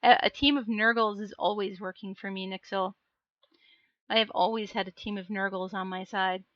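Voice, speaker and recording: A woman's voice: medium pitch, steady tone, moderate pace, fairly bright tone, no echo, dull audio. A woman streamer chatting casually on a live stream, laughing often and answering her viewers. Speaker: live streamer and miniature painter.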